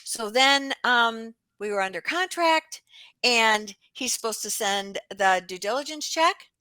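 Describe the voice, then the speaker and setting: A woman real estate agent, a podcast guest, telling a story in a chatty, lively way and acting out the other people's lines. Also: fairly high pitch, measured pace, dry recording. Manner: chatty, lively, acts out dialogue with quoted voices. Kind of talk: animated storytelling in an interview.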